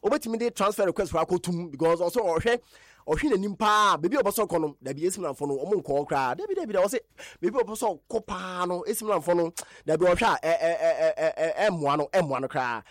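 A man with a Ghanaian accent presenting a radio sports news roundup, animated and emphatic, with repeated stresses on his points. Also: high voice, fast, no room sound, studio quality.

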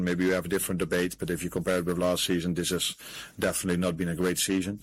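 A football manager answering press questions in a calm, deliberate way with many fillers. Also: male voice, deep voice, husky, low-quality recording.

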